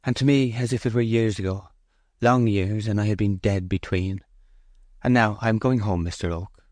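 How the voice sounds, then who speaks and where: A man's voice: fairly low pitch, normal speed, a little mellow, no echo, close to an everyday voice. Man voicing a proud grieving young farm mistress. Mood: wistful. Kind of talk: audiobook character voice.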